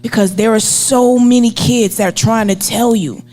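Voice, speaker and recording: A woman's voice: on the high side, fairly even intonation, normal speed, warm tone, soft background music. A woman on a talk show speaking earnestly and with conviction. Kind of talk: casual chat.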